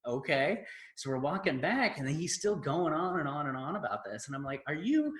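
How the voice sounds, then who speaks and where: A man's voice: fairly high pitch, animated, a little fast, a bit bright. Podcast host man in roomy echo. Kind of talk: casual storytelling chat.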